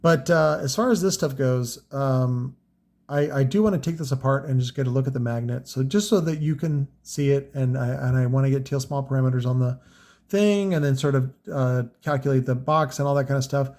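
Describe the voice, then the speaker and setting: Talking a little fast in a mellow, medium-pitched voice, a car audio seller loosely reviews the products he sells. It's casual and unscripted, and he rambles with frequent fillers and profanity.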